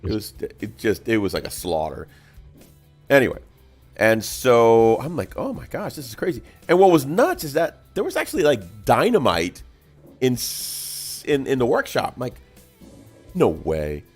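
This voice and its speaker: A man's voice: mid-range voice, normal speed, faint music behind. A man co-hosting a casual live chat while painting miniatures, telling stories with lots of laughter. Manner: animated storyteller, laughs often, voices others loudly. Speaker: co-host.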